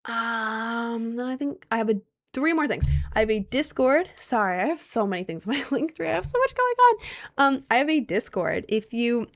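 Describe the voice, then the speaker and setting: A young woman in her twenties talks casually to her stream while still out of breath, giggling and rambling between topics. Her voice sits a little high for a woman. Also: expressive, normal speed. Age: 20s. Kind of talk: casual chat.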